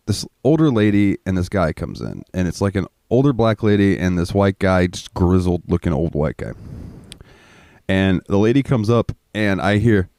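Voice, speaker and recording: A low-pitched man hosting a podcast, spinning loose, foul-mouthed stories full of ums and asides. His voice sits close and dry on the mic, with no room sound around it. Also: darkish tone, smooth, no echo. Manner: rambling, profane anecdotes with filler words. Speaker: podcast host. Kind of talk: casual storytelling chat.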